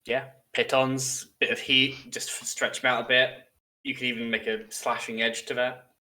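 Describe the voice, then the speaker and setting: A man's voice: mid-range voice, flat delivery, normal speed, pushed and bright. A man narrating as game master, explaining in a loose way with plenty of fillers.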